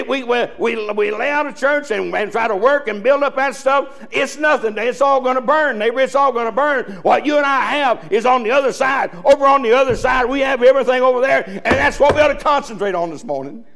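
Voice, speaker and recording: High-pitched gravelly preacher man. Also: brisk, few pauses, a bit bright. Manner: folksy, joking preaching with laughs and repeated starts. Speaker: pastor. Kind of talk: sermon.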